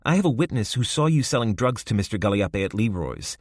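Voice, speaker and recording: A man's voice: on the low side, very animated, fairly quick, no room sound, clean studio sound, voice pushed up. A man doing a blunt female police detective. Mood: firm. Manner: firm, clipped questioning. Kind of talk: audiobook character voice.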